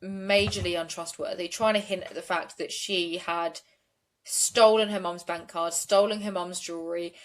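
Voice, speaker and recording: A woman's voice: lowish voice, steady tone, normal speed. Woman on a true crime podcast, chatty storytelling, says like a lot. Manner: chatty retelling, peppered with "like". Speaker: podcast co-host.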